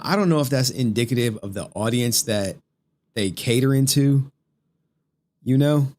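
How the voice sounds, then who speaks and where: A man hosting a live stream in a loose, rambling way, cursing freely and breaking into laughter as he reacts to his chat. His voice sits at a middle pitch, and his delivery is casual and off the cuff. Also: a little mellow. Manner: profane, laughing, rambling, reads super chats. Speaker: streamer host.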